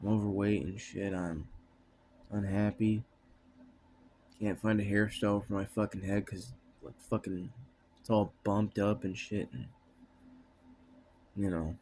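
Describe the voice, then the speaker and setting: A young man talking to his viewers in a loose, rambling monologue, his voice sitting a little low. He drifts from thought to thought, trails off mid-sentence and leans on fillers and swearing. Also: fairly even intonation, measured pace, pauses often, a little mellow, slight background noise. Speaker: vlogger.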